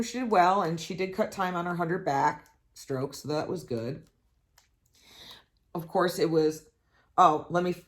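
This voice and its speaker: Low-voiced chatty middle-aged woman. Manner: chatty storytelling, swears when exasperated. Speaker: vlogger. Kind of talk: casual chat.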